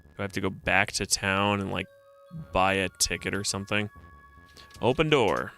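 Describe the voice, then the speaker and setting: A man's voice: low-pitched, steady tone, moderate pace, gravelly, pauses often, bright, forceful tone, faint music behind. A man streaming a retro adventure game, joking around and reading the game's text aloud. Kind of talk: casual game commentary.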